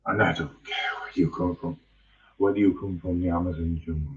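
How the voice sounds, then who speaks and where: A man's voice: sits low, fairly even intonation, normal speed, recorded from a distance, dull audio. A man in a rambling, profane, angry monologue. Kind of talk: ranting monologue.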